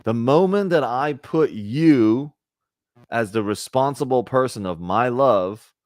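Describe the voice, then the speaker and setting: A man's voice: mid-range voice, animated, takes it slowly, darkish tone, no room sound, clean studio sound. A man giving a conversational spiritual talk to a group, often checking in with "right?" and acting out little bits of dialogue. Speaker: spiritual teacher.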